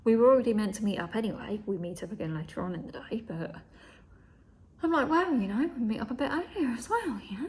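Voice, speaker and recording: A woman's voice: fairly high pitch, animated, fast talker, a little mellow. Chatty woman telling a story. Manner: chatty, swears, acts out quoted dialogue, often drops to a whisper. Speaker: vlogger. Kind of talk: casual storytelling.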